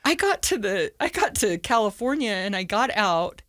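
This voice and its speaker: A woman from southern Utah, a podcast guest telling her story in an open, animated way. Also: moderate pace, dry recording, studio quality. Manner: animated, acts out quoted speech with big pitch jumps. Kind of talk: candid storytelling.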